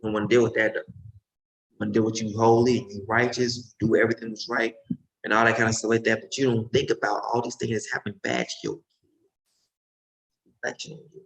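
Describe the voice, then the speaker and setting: A man's voice: level tone, fast. Emphatic male preacher in an echoey room. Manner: emphatic, swings between loud outbursts and low murmurs. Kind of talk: informal preaching. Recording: roomy echo.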